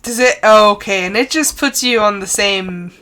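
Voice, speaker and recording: A woman's voice: mid-range voice, normal speed, bright, forceful tone. A woman streamer commenting live on her farming game, exasperated and talking herself through setbacks. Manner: exasperated, talks to herself, self-soothing.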